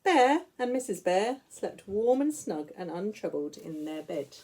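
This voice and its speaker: A woman teacher reading picture books aloud to young children in an expressive, sing-song way. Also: medium pitch, measured pace. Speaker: school teacher.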